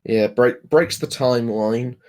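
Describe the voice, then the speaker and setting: A man with a middle-pitched voice in easygoing podcast chat. He asks lots of questions and stumbles over his words now and then. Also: a little slow, a little mellow. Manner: inquisitive, trips over words. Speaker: podcast co-host. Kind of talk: casual chat.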